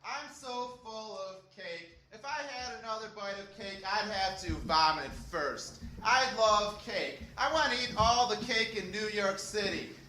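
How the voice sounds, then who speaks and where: A man at an open mic in a bar, performing a poem with an obsessive, repetitive delivery that builds toward shouting. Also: sits high, measured pace, hardly any pauses, echoey room, rough recording. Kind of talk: performance poetry reading.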